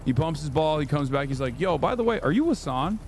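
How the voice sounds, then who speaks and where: Animated, profane male streamer telling a story. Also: fairly quick, a little hiss or hum. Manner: animated, profane, jumps into high quoted voices. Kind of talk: casual storytelling on a livestream.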